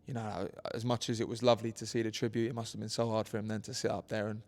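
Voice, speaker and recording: Fast-talking young boxer. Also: male voice, on the low side, flat delivery, darkish tone. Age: 20s. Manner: earnest, fast, with fillers and restarts. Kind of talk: interview. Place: boxing gym, indoors.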